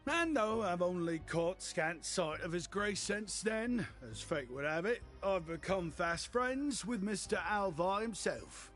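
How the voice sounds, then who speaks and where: An eager young shopkeeper with an English accent, heaping flowery courtesies on his guests. His fairly high voice rises and falls a lot, with faint game music underneath. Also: expressive, measured pace, hardly any pauses, a bit bright. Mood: friendly. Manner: flowery, overly courteous speech. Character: young male shopkeeper, eager, humble and polite.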